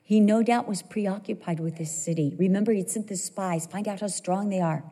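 A woman's voice: mid-range voice, normal speed, hardly any pauses, warm tone. A middle-aged woman preaching a sermon, telling personal stories in a conversational, emotional way. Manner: storytelling, conversational, emotional swings. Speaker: pastor's wife preaching. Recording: long hall reverb.

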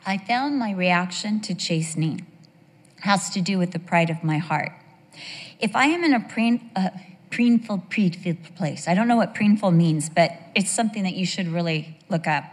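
A middle-aged woman delivers a sermon in a chatty, storytelling way, often turning to ask her listeners questions. Her voice sits a little low for a woman. The recording carries the long reverb of a large hall. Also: animated, normal speed. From United States. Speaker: women's devotional speaker. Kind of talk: sermon with personal stories.

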